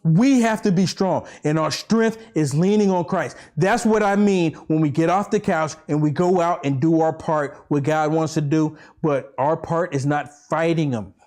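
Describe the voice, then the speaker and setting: Ranting to camera, this high-voiced political vlogger rambles and repeats himself, firing off one urgent rhetorical question after another. He swings from fervent, near-shouted passion down into a slow, low, preaching tone.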